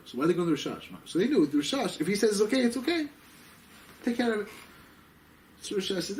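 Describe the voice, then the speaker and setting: A man teaching a rabbinic class, racing through stories and leaping up in pitch whenever he acts out a character. His voice sits a little high and swings widely. It is recorded from a distance, with a faint hum behind it. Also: quick pace. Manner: excitable, acts out quoted people with sudden jumps in pitch; sprinkles in Yiddish and Hebrew terms. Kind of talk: animated storytelling Torah class. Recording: distant mic with faint background noise.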